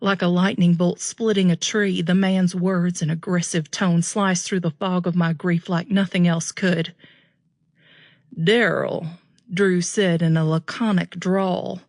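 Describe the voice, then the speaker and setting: Woman reading a romance audiobook, steady first person, lowish voice, dry close mic. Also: a little slow, hardly any pauses, no room sound. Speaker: audiobook narrator. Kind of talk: scripted romance narration.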